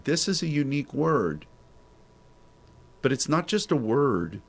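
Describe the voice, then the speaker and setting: A man's voice: medium pitch, big pitch swings, measured pace, creaky. A man preaching a sermon, pressing listeners with repeated rhetorical questions and restarting his words.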